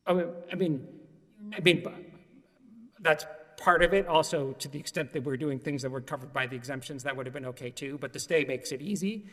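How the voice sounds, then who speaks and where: A man arguing as counsel before an appeals court, giving quick, precise answers to the judges. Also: a little high, sharp tone. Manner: quick, precise legal rebuttal. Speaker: government lawyer in appeals court. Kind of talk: formal courtroom oral argument. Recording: long reverb of a courtroom.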